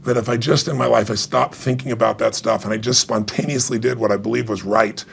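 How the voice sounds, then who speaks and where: A middle-aged man, an author being interviewed, telling an emotional story with animated retold dialogue and frequent laughs. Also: medium pitch, fast, vocal fry, slight background noise. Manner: animated, acts out quoted dialogue, laughs often. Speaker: author and guest.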